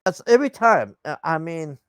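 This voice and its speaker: A man's voice: on the high side, very animated, moderate pace, fairly bright tone, clear, resonant tone, dry recording. A man ranting casually to his camera, rambling and exasperated, swearing often and trailing off with sighs. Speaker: vlogger.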